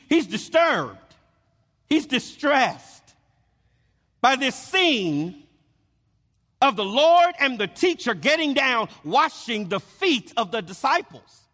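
Male preacher, high-pitched and slow, emphatic with stammered repeats, echoing hall. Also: fairly bright tone. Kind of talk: sermon.

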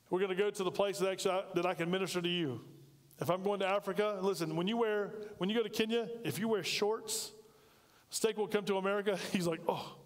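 High-voiced male preacher in echoing hall. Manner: conversational preaching with asides and rhetorical questions. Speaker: pastor. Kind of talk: sermon. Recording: reverberant hall.

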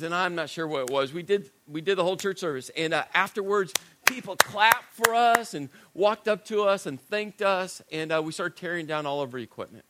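Preaching in a voice that sits high, this middle-aged pastor tells a story from his own life with casual, self-mocking humor, going hushed when things turn serious.

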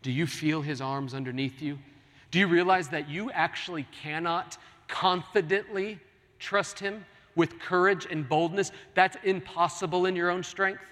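A man's voice: sits high, fairly even intonation, normal speed, fairly bright tone. A man preaching a sermon as pastor, earnest and pleading with his congregation in a large church. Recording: long hall reverb.

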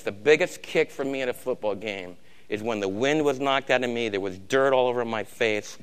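A man preaching a sermon, emphatic, swinging from loud exhortation to a hushed, intimate tone. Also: mid-range voice, smooth.

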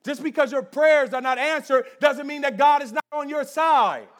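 This pastor's voice is very high, and he talks at a normal speed while giving a church sermon. He keeps it conversational, at times booming for emphasis and at times dropping to an intense hush.

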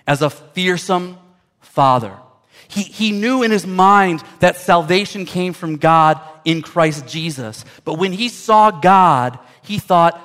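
A man's voice: fairly high pitch, a bit bright. A man preaching a sermon as a pastor, conversational and storytelling, often repeating words as he builds a point.

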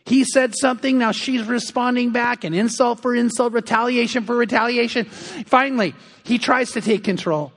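A man's voice: very high voice, normal speed, fairly bright tone. A male pastor preaching a sermon, telling a story animatedly and acting out the characters' lines. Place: church sanctuary. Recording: long reverb of a church hall.

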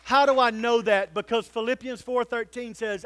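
A male pastor preaching a sermon, swinging between loud calls and hushed, earnest pleading. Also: very high-pitched, fairly even intonation, normal speed, no room sound.

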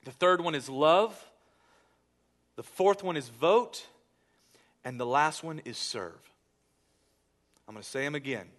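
A man preaching a sermon in church, leading a hushed prayer and telling a family story with lively quoted voices. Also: on the high side, slow, pauses often. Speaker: pastor.

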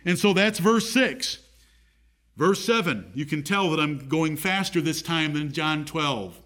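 A man's voice: a little high, expressive, unhurried, fairly bright tone. A man preaching a sermon, rising emphatically on key points.

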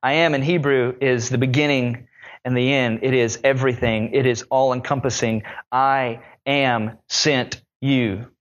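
A man's voice: medium pitch, fairly even intonation, moderate pace, highs cut off. A man preaching a sermon, retelling scripture in a conversational, dramatic way. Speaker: pastor.

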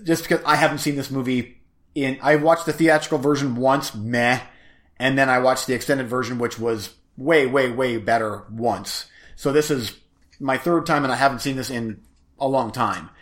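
A man's voice: mid-range voice, moderate pace, fairly bright tone. A married man co-hosting a casual podcast, easygoing and rambling with a self-deprecating manner. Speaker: podcast co-host. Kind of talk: casual chat.

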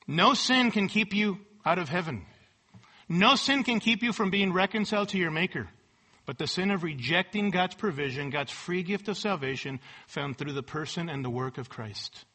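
A man preaching a sermon, quoting scripture with emphatic rising force and dropping low at the ends of thoughts. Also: animated, normal speed, bright, forceful tone, slightly rough.

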